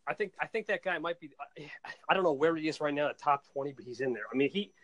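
Young man, excitable, fast-talking, slightly high voice, laughing, repeats words. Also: poor audio. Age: young adult. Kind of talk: casual chat.

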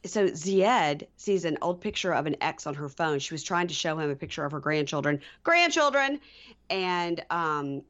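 Woman podcast co-host, low voice, dull lo-fi recording, gossipy and animated when she quotes people. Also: moderate pace, few pauses. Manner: acts out quotes with lively pitch jumps. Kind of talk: casual recap chat.

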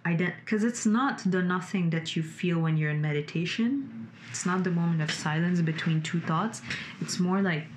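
A woman's voice: on the low side, normal speed, slight background noise. A woman vlogging about her emotions in a casual, rambling way, with plenty of "like" and swearing, sitting in a room lit by her computer. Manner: rambling, frequent "like" and swearing, expressive rises. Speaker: vlogger sharing personal growth. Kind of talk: casual spoken monologue.

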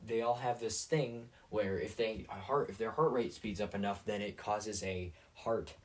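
A man's voice: on the low side, steady tone, normal speed, far from the mic. A teenage boy hosting a podcast, ranting in a rambling, sarcastic way with lots of fillers and restarts. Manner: sarcastic and self-mocking. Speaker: podcast host. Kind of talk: rambling solo rant.

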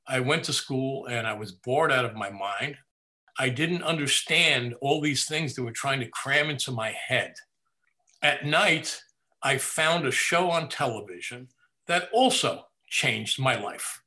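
An older man in an interview, recounting family memories in a lively storytelling way and laughing at his own anecdotes. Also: mid-range voice. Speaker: interview guest. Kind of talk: reminiscing in a conversational interview.

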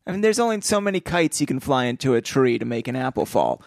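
A playful podcast co-host joking about a book chapter, quick with silly bits and mock outrage. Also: mid-range voice, big pitch swings, gravelly, a little mellow, no echo, clean studio sound. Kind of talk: casual chat, book club podcast.

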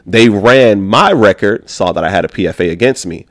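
A man from Baltimore, a podcast guest, telling a story in a slangy, animated way and acting out the voices of the people in it. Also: lowish voice, moderate pace, no room sound, studio quality. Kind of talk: casual storytelling.

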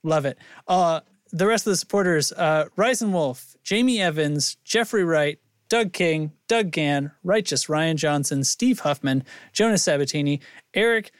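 Man, podcast host, casual chatter, fumbles names, slightly high voice, dry close sound. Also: lively intonation, measured pace, clean tone, dry recording. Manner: rambling, stumbles over names and laughs at himself.

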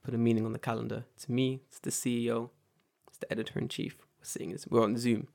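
A man's voice: medium pitch, flat delivery, fast talker, creaky, darkish tone. A man co-hosting a podcast, telling a story in casual chat, swearing freely and mimicking others in sarcastic voices. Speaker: podcast co-host.

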